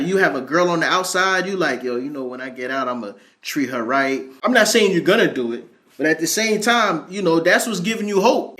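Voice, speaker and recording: A man giving reaction commentary in an animated way, swinging between loud high bursts and low murmurs.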